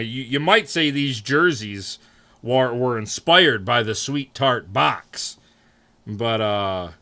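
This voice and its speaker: A young man streaming, chatting casually with his viewers, swearing freely and jumping into mock outrage. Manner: animated, swears freely, answers chat, jumps into high mock outrage. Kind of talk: casual live-stream chat.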